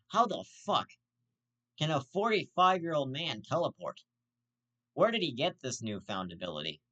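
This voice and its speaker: Swearing man ranting as a vlog host. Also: pushed and bright. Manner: swears constantly, jumps in pitch when outraged. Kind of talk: profane vlog rant.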